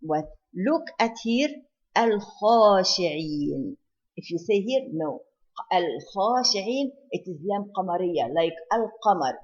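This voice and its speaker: A woman with a husky, slightly breathy voice teaches recitation rules, pausing to repeat each example word slowly and carefully. The sound is dull and lo-fi. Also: lowish voice, lively intonation, darkish tone. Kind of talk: online lesson explaining pronunciation rules. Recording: dull lo-fi recording.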